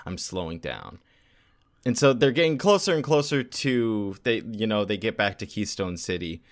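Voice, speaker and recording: A man's voice: on the low side, big pitch swings, moderate pace. A man co-hosting a podcast, rambling through a comic recap with many fillers. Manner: rambling, reads panels aloud with frequent fillers. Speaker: podcast co-host. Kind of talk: casual comic book discussion.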